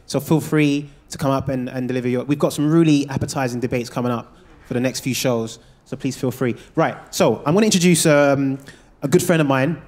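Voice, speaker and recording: A man hosting a live show, introducing the next act in a loose, quick way. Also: medium pitch, fairly even intonation, darkish tone. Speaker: show host. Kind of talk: introducing acts on stage.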